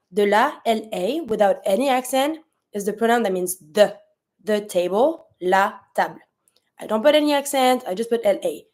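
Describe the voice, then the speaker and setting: A woman's voice: fairly high pitch, a little mellow. A woman teaching a language lesson, whose first language is French, explaining patiently and repeating each word for practice. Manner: patient, slow-paced explanation, repeats words for drill.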